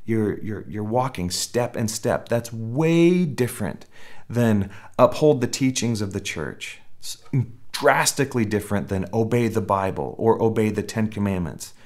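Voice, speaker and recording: A man's voice: on the low side, lively intonation, a little slow, darkish tone. A man preaching a sermon in a conversational way, often restarting phrases and acting out little quotes. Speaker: pastor.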